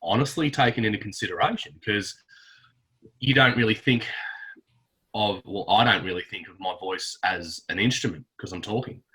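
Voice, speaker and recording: A man co-hosting a podcast, chatting casually and thinking aloud in an easy, relaxed way. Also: fairly low pitch, moderate pace, breathy edge, rough recording. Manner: relaxed, thinking aloud, short agreeing replies. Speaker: podcast co-host.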